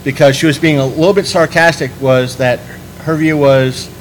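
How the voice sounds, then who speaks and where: A man hosting a podcast in casual chat, rambling and restarting his sentences, animated when he quotes people. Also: a little high, normal speed, a little hiss or hum, poor audio. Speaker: podcast host.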